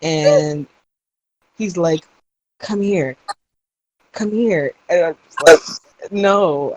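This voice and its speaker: Young adult woman, podcast co-host, lively storyteller who does the voices of people she quotes. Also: on the low side, slow, long pauses, muffled recording. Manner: animated storyteller acting out quotes. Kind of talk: casual chat.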